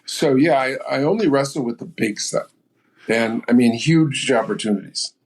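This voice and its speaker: Slightly rough and mid-range, the voice belongs to a man in his seventies who moves at a moderate pace. As a guest entrepreneur in a podcast interview, he relates his stories bluntly and without fuss.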